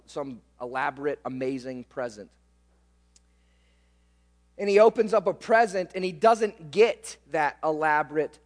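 A man preaching a sermon, emphatic and full of rhetorical questions to his listeners. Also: on the high side. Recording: long hall reverb.

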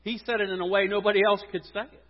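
A man preaching a sermon as pastor, emphatic, swinging from loud stressed words to quiet drops. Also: high-pitched, little pitch movement, fast talker. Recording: dull sound with long reverb in a hall.

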